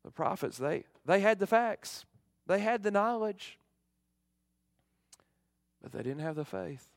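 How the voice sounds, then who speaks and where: A middle-aged male pastor giving a fervent sermon, swinging from loud emphasis to hushed appeals. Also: high-pitched, expressive, a little slow, dry recording, clean studio sound.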